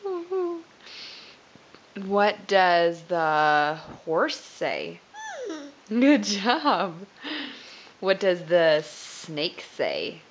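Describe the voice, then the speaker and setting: At home, a mother patiently coaxes her toddler to make animal sounds and signs, praising every attempt and laughing often. Her voice is on the low side and very animated, and she speaks slowly and encouragingly.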